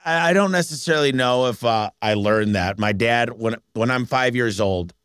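A man, a business owner, telling stories in a casual interview, energetic and acting out the people he quotes. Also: medium pitch, normal speed, smooth, no echo, clean studio sound. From Michigan. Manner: energetic, animated storyteller who acts out quotes.

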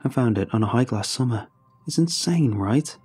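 A man's voice: mid-range voice, lively intonation, moderate pace, warm tone, breathy edge, faint music behind. A man voicing a friendly young man in a scary story who seems upbeat and casual but hides something eerie. He is a little evasive. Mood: friendly, coaxing.

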